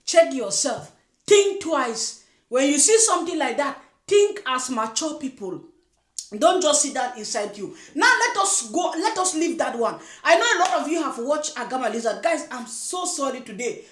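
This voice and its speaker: A woman's voice: high-pitched, sing-song, normal speed, reverberant. A woman giving a scolding, preachy reaction commentary. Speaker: commentary vlogger. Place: lives in Germany.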